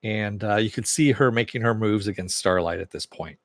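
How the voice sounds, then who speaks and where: A man's voice: lowish voice, a little fast, no echo, clean studio sound. A man giving a casual, chatty recap of a TV episode, with lots of fillers and chuckles as he retells scenes. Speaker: TV series reviewer.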